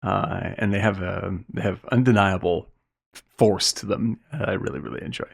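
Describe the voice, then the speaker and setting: A man's voice: lowish voice, moderate pace, creaky, slightly rough. A man co-hosting a casual film podcast, talking enthusiastically with plenty of fillers. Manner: enthusiastic, lots of likes and yeahs. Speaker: podcast co-host.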